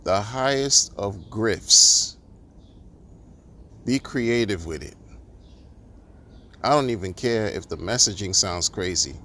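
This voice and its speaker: Exasperated man ranting, low voice. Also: animated, slow pace, long pauses, pushed and bright. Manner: exasperated, repetitive restarts, sarcastic rhetorical questions. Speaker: crypto commentator. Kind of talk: ranting monologue.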